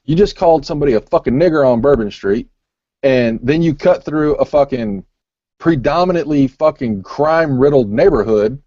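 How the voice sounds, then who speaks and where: Swearing nonstop, a man with a fairly high-pitched, darkish voice rambles through a long, crude story in casual chat. He's a podcast co-host, captured in a muffled lo-fi recording without echo.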